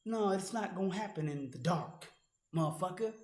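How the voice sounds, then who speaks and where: A man's voice: sits high, expressive, moderate pace, a little mellow. A man delivering a heated, profane monologue aimed directly at a critic, as an online commentator. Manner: angry, profane, confrontational, addressing a critic directly. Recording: roomy echo.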